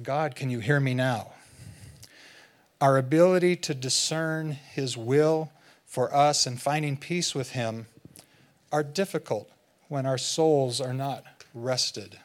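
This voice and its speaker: A man filling in as guest preacher, giving a conversational sermon and slowing down to stress key phrases. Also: a little high. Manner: conversational, slows down for emphasis.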